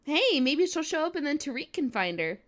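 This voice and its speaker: A woman's voice: sits high, sing-song, fairly quick, fairly bright tone. A young woman chatting eagerly as a player in a tabletop game, giggling often. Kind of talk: casual tabletop chat.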